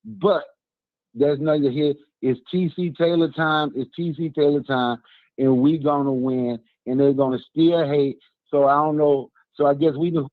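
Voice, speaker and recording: A male caller arguing his case over a tinny, dry phone line. He talks in an emphatic, repetitive way, with his voice sitting fairly high. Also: fairly even intonation, unhurried, dry recording. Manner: emphatic, repetitive, rallying fan talk. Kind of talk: animated call-in argument.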